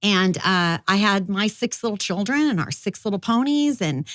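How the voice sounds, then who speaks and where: A woman's voice: mid-range voice, normal speed, fairly bright tone, dry recording. Middle-aged woman, chatty storyteller, many fillers, dry close sound. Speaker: guest, firearms instructor. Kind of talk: casual storytelling interview.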